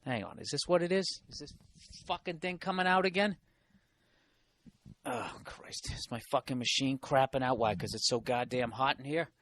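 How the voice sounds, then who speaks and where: A man's voice: medium pitch, normal speed, a bit bright. A man hosting his own podcast from a hotel room, ranting in a sarcastic, profane, rambling way. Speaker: podcast host. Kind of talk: solo comedic podcast rant.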